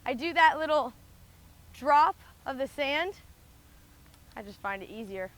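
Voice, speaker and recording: A woman's voice: sits high, animated, measured pace, a bit bright. A woman talking casually through her golf shots outdoors, chatty and thinking aloud, out of breath. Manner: chatty, thinks aloud with many likes and restarts. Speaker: golf vlogger. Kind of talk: casual talk-through while playing golf. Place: outdoors on a windy golf course.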